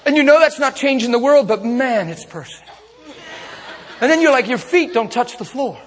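A man preaching a sermon as a traveling minister, telling stories in an animated way, often laughing and breaking into shouts. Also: extremely high pitch, moderate pace, some chatter behind. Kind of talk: sermon storytelling. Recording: long reverb of a large hall.

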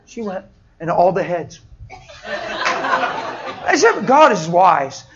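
A man preaching a sermon in a storytelling way, swinging from hushed, soft lines to loud, laughing outbursts. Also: high-pitched, very animated, very slow, lo-fi sound, a crowd in the background, background noise.

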